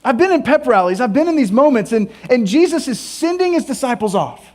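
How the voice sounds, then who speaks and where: A high-pitched man delivers a sermon in a church. He is animated and jokey, and he drives his points home by repeating phrases. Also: brisk. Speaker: pastor. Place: church sanctuary.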